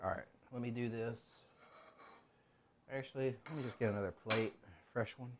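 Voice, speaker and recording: A man's voice: medium pitch, fairly even intonation, moderate pace, noisy background. A man streaming himself cooking in a home kitchen, chatting casually and rambling to himself as he works.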